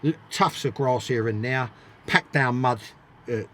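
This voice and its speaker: A man's voice: mid-range voice, unhurried, sharp tone, a little hiss or hum. An older man, telling blunt, sweary stories as an interview guest and driving his points home by repeating them. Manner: blunt, emphatic, repeats himself. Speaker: interview guest, former footballer. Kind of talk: casual storytelling, swearing freely.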